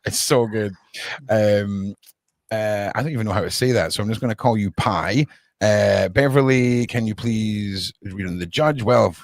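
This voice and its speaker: A man's voice: lowish voice, no echo, studio quality. A man hosting a casual livestream podcast from his home desk, rambling and chatting with viewers by name.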